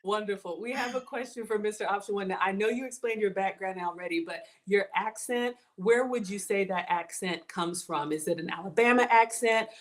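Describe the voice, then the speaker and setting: A woman's voice: mid-range voice, brisk, hardly any pauses. A woman from Georgia hosting a live cooking stream, cheerful and explaining each step as she goes. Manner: upbeat, laughs often, explains as she cooks. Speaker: cooking show host. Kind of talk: live cooking show chat.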